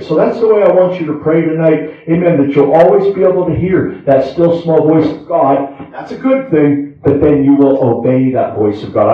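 A high-voiced man preaches an evening sermon in a church sanctuary. He is picked up from well back in a very echoey room, and the sound is dull and muffled. His cadence drops to hushed low passages and lifts into fervent prayer. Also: moderate pace, recorded from a distance.

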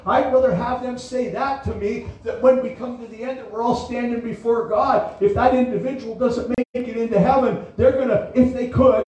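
A man's voice: very high-pitched, darkish tone. A man preaching a sermon as pastor, often stopping to say "uh, amen" between his points. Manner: preachy, drawn-out phrasing with frequent "uh, amen". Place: church sanctuary. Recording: echoey church room from far off.

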